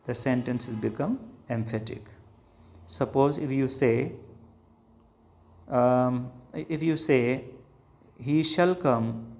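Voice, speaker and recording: A man with a Pakistani English accent, whose first language is Urdu, teaching English grammar, explaining slowly and deliberately with frequent hesitations. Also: mid-range voice, gravelly, darkish tone. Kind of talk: grammar lesson.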